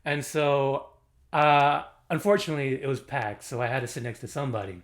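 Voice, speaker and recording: A man giving a casual movie review, animated and slangy, laughing often as he talks. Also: mid-range voice, brisk.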